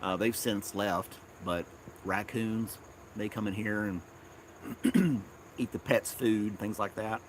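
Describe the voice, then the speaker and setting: A man with a fairly low voice rambles through a casual live stream from his backyard. He chuckles often as he talks. Faint crickets hum in the background. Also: slow. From Tennessee. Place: outdoors in a backyard.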